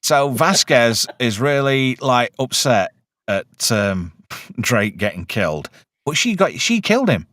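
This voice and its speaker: A man's voice: medium pitch, very animated, measured pace, a bit bright, no room sound, clean studio sound. A man hosting a casual film review, recapping scenes in a chatty, joking way.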